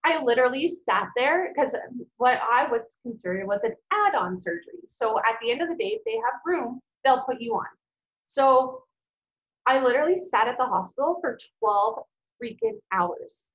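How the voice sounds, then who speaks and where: A woman, guesting on a podcast and telling a personal story in a frank, blunt, animated way, swearing freely. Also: sits high, moderate pace, roomy sound, low-quality recording. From Canada. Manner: animated, acts out quoted people. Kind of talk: casual storytelling.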